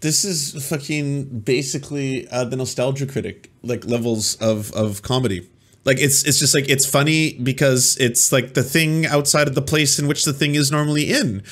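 A man's voice: mid-range voice, moderate pace, fairly bright tone. A man hosting a casual reaction commentary, sarcastic and rambling, often repeating and restarting his words. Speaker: host.

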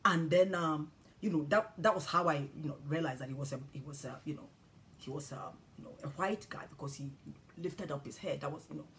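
A woman preacher telling a personal testimony in a sermon, swinging from hushed whispers to loud cries. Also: low voice, a little fast, slight background noise.

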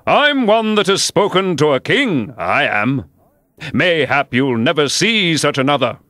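A man putting on a high, pompous Humpty Dumpty. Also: sing-song, sharp tone, no echo, studio quality, exaggerated voice. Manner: pompous, grand, quick to take offence.

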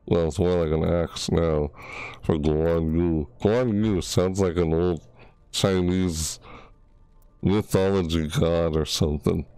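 A man's voice: deep voice, warm tone, clear, resonant tone, no echo. A man hosting a gaming channel and showing off new items in casual commentary. He gushes, gasps and yelps at what he sees, and stumbles over names. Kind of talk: casual game showcase commentary.

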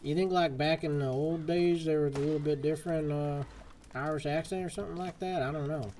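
A man streaming a western game live, chatting casually and swapping swear words for softer ones. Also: on the high side, steady tone, fairly quick, a little hiss or hum. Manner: chatty, swaps swears for "fudge". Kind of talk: live gameplay commentary. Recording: game music behind the voice.

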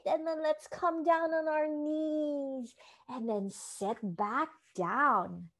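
Woman teaching yoga to little kids, really slow and high, coaxing sing-song voice. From Philippines. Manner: slow, encouraging, sing-song instructions with questions. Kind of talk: guided yoga class for children.

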